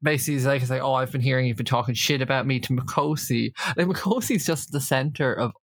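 Woman podcast co-host, chatty recap, animated quotes, dry sound. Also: rumbling low, quick pace, dry recording. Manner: animated, acts out quotes in raised voices. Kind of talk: casual chat recapping a reality show.

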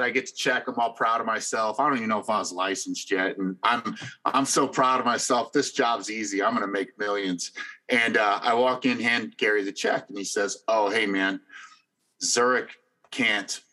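A middle-aged man who works as an insurance agent, telling a story in an animated, emphatic way. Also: lowish voice, moderate pace. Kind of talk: casual storytelling chat.

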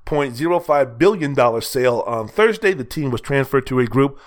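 A man's voice: mid-range voice, lively intonation, normal speed. A man hosting his own sports talk show, giving emphatic, colloquial commentary that is full of repetition. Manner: emphatic, repetitive, colloquial, sings snatches playfully.

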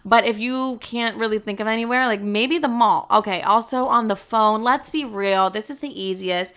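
A woman's voice: on the high side, moderate pace, fairly bright tone, clean tone. A woman in her twenties telling a dating story in a casual, chatty way, full of "like" and swear words. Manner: chatty, heavy "like" filler, frequent swearing.

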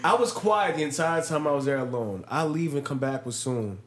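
A man's voice: a little high, animated, brisk, slight background noise. A man co-hosting a podcast, telling a story in a joking, slangy and profane way. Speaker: podcast co-host. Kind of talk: casual chat.

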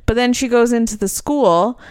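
A woman's voice: on the high side, normal speed, darkish tone, clear, resonant tone, no room sound, studio quality. A woman co-hosting a casual podcast, recapping a show bluntly and swearing casually. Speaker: podcast co-host recapping episodes.

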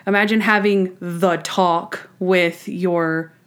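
A woman's voice: lowish voice, smooth. Chatty woman recapping an episode. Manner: animated, acts out characters' lines in quick impressions. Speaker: podcast co-host. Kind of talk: casual chat recapping a TV episode.

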